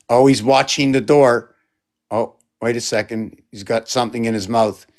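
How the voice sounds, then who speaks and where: A man showing his paintings on a live stream, talking in a rambling, playful way and jumping from excited exclamations to muttering. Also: mid-range voice, a little slow. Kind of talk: casual live-stream chat.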